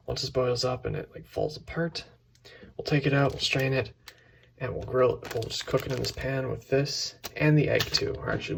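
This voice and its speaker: A man with a gravelly, rough-edged voice talks through a home cooking video, rambling and correcting himself as he goes. He sometimes slips into a whisper. The kitchen recording carries a steady hiss of noise behind him. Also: medium pitch. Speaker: cooking channel host. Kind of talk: casual cooking ASMR chat.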